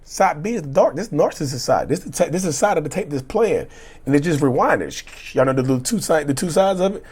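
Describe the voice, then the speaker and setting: A man's voice: a little high, lively intonation, quick pace, a little mellow, breathy edge. A middle-aged man speaking as a relationship coach, giving emphatic, repetitive, blunt motivational talk with cussing.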